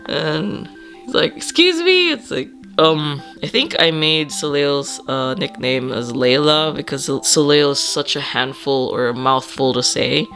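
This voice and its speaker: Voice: medium pitch, steady tone, measured pace, few pauses, fairly bright tone, faint music behind. An artist casually flipping through a sketchbook, rambling, swearing, laughing often and trailing off, with a slightly stuffy nose.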